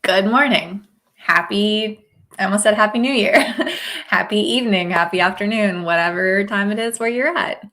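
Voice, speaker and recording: A woman's voice: medium pitch, normal speed, pushed and bright. A woman from Oregon hosting a casual livestream chat, upbeat and chatty, greeting viewers by name, with a slight cold. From Oregon, USA. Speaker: host.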